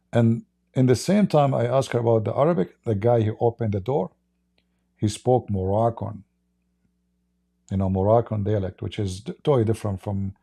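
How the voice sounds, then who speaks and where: Gravelly, dark-voiced man telling a story. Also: mid-range voice. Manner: rambling, acts out quoted dialogue. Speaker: livestream host. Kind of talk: casual storytelling monologue.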